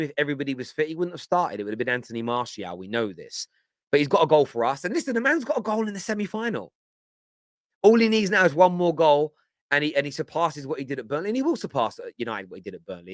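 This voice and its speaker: Brief: male fan pundit, emphatic and repetitive, mid pitch, dry close sound. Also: no room sound. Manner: passionate, emphatic, repeats himself. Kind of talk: live fan reaction stream.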